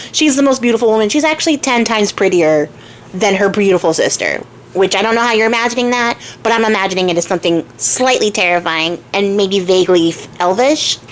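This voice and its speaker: A woman's voice: medium pitch, slight background noise. A woman host retelling a folk tale in a chatty, slangy way, often laughing. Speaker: craft channel host.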